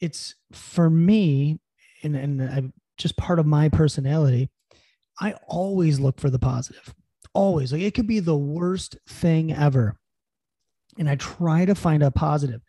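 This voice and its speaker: A man's voice: fairly high pitch, unhurried, dark tone, breathy edge, no echo. A man co-hosting a podcast, chatting casually and earnestly with lots of "you know" fillers, encouraging listeners. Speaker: podcast co-host. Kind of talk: casual chat.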